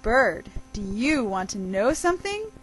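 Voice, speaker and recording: A woman voicing a hungry, sly female cat in a picture-book story, shouting and crying out high. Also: sing-song, unhurried, soft background music. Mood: threatening.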